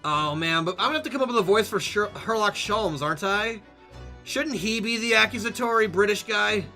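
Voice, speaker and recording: A man's voice: sits high, a little fast, sharp tone, soft background music. A man streaming a game live, chatting casually, swearing and laughing at himself. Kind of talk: live gameplay commentary.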